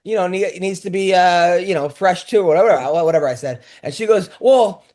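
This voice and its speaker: A middle-aged man co-hosting a loose comedy podcast, his voice sitting high for a man. He rambles, stumbles over his words and restarts as he tells his stories. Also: brisk, darkish tone. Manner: rambling storyteller with many restarts. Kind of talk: casual podcast banter.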